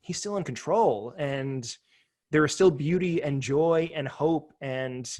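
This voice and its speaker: A man's voice: a little high, slow, darkish tone. A man co-hosting a podcast, speaking in brief, encouraging interjections during a casual chat. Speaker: podcast co-host.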